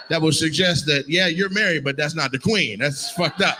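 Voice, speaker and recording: This comedian's voice runs on the high side with a sing-song lilt at a normal speed. He does crowd work at a live comedy venue, ribbing people in the audience with crude, brash jokes over a stage mic amid noisy venue sound.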